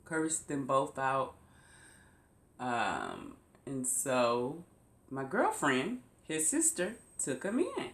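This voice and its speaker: Slow-talking woman vlogger, echoey room. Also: rumbling low, wildly swooping pitch. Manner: slow, repetitive, emphatic retelling. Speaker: YouTube vlogger. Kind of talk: personal storytelling to viewers.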